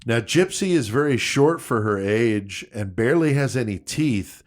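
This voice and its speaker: A man's voice: mid-range voice, expressive, moderate pace. Laid-back man co-hosting a true-crime podcast. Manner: laid-back, profane, recounting case details. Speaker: podcast co-host. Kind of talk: casual true-crime chat.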